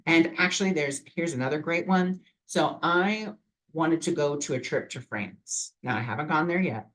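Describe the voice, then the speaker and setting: A man's voice: on the high side, normal speed, a bit bright, rough recording. A man vlogging casually and encouragingly about imagination, rambling with many fillers. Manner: rambling, full of "you know" fillers; earnest and encouraging. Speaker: vlogger and spiritual reader. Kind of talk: casual motivational talk.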